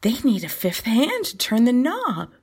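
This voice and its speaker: A woman host reading her own short story aloud, softly and often in a near whisper, with a breathy voice. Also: on the high side, huge pitch swings, a little slow. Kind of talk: storybook narration.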